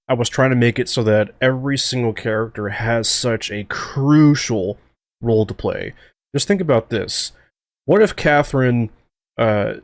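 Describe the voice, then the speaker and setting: A man talking through his own series in a casual director commentary, excitable and rambling, with lots of fillers and restarts. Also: mid-range voice, no room sound. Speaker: series creator and co-host.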